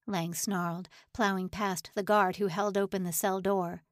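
Woman narrating a dark audiobook, dry. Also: medium pitch, fairly even intonation, moderate pace, few pauses, dry recording. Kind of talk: scripted narration.

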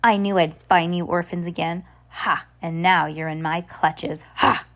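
A woman's voice: fairly low pitch, fairly even intonation, unhurried, a bit bright. A woman reading as a sneering villainous man. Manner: sneering, boastful.

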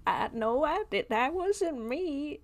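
A woman's voice: high voice, expressive, slow, pitched above the performer's own voice, heavily acted. A woman voicing a sly old halfling bandit man who talks hesitantly and stammers while bargaining. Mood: breezy.

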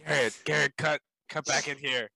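A man playing a tabletop game, joking and reacting quickly. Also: fairly high pitch, steady tone, vocal fry, bright, forceful tone. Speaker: player.

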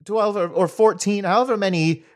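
A man in an improvised comedy role-play, talking in an animated, playfully defensive way. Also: high-pitched, fairly quick.

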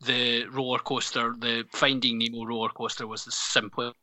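Scottish co-host, grumbly jokey chat, sharp bright voice. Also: male voice, medium pitch, level tone, moderate pace, no room sound. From Scotland. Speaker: podcast co-host. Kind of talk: casual chat.

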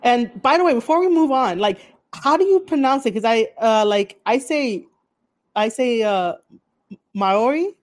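A woman's voice: a little high, lively intonation, normal speed. A woman hosting a casual interview, rambling with many fillers and easy laughs. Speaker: interviewer, podcast host.

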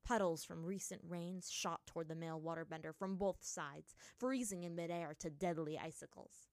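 Woman reading a fantasy story out loud, lowish voice, dry close sound. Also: moderate pace, no room sound. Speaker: narrator. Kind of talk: reading fan fiction aloud.

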